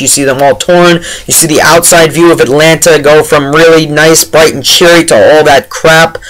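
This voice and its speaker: A man's voice: on the high side, fairly bright tone, poor audio. Rambling man with a raised voice. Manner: rambling and loose, heavy on fillers, exasperated asides. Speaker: TV episode reviewer. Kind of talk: casual spoiler review.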